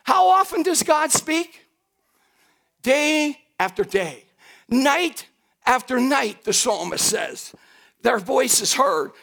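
A middle-aged pastor preaching a sermon in a folksy, animated way, talking straight to his congregation and rising to shouts at his high points. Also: slow, vocal fry, long pauses. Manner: folksy, addresses the congregation directly.

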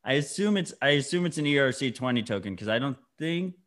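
A man's voice: medium pitch, animated, fast talker, fairly bright tone. A man in his thirties co-hosting a podcast, blunt and heated, swearing often in casual chat. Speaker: podcast co-host.

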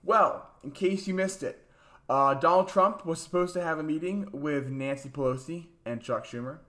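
A young man co-hosts a casual political chat in a slightly high voice. He talks in a loose, chatty way, laughs easily and slips into mocking asides. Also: normal speed, fairly bright tone. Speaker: podcast co-host.

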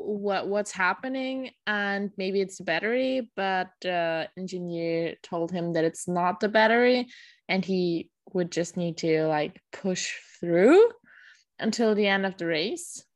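Slow, dry-sounding chatty woman. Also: fairly low pitch, expressive, no echo. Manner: unhurried, many fillers, swears casually. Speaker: podcast co-host. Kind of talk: casual chat.

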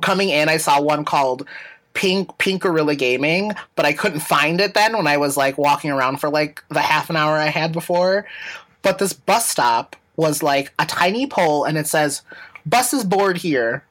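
A woman hosting a podcast rambles through a travel story, full of fillers, restarts, casual swearing and laughs. Her voice sits low and is a bit bright, at a moderate pace. The audio is poor.

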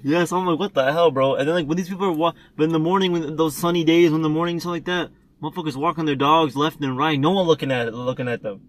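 A man's voice: a little high, steady tone, rapid-fire, hardly any pauses. A young man telling a rambling, profane story in casual chat between friends.

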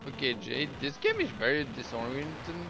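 A man's voice: medium pitch, huge pitch swings, moderate pace, music in the background. A man from Belgium, a Flemish speaker, chatting casually with friends on a gaming podcast, joking and asking questions. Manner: jokey, laughs often, asks the group questions. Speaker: podcast co-host. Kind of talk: casual group chat over gameplay.

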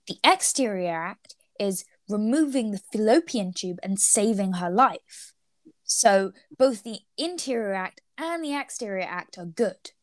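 A woman's voice: medium pitch, expressive, measured pace, no echo. A young woman co-hosting a casual discussion of ethics, thinking aloud with frequent hesitations and fillers.

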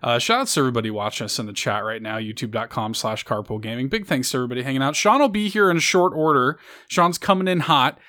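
A man hosting a casual live-stream chat, talking excitedly and rambling. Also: medium pitch, fast talker, few pauses. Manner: excited, rambling, self-correcting. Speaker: podcast host.

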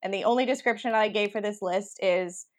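A young woman co-hosting a podcast, chatting casually and laughing often between quick asides. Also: medium pitch. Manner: giggly, animated, talks in quick asides. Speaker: podcast co-host. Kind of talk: casual chat.

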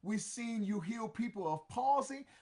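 A man's voice: high voice, animated, measured pace, darkish tone, voice pushed up. A man voicing the apostle Peter, a devoted grown man who protests and pleads with rising emphasis. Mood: earnest.

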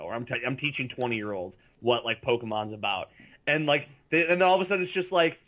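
Male podcast co-host, mid-pitched, easygoing rambling storyteller, casual swearing. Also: fast, a bit bright. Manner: rambling storyteller, lots of filler "like".

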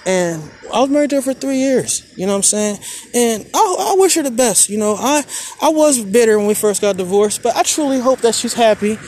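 A man in his forties from Maryland hosting a podcast, talking candidly and emotionally in slangy speech, swinging from quiet to heated. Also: extremely high pitch, lively intonation, brisk. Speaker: podcast host. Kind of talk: personal monologue.

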